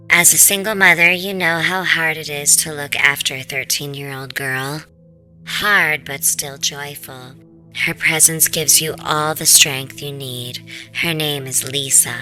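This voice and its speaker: A woman reading a text horror game aloud in the second person, with a few quiet asides of her own. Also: a bass voice, low-quality recording. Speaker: gameplay narrator.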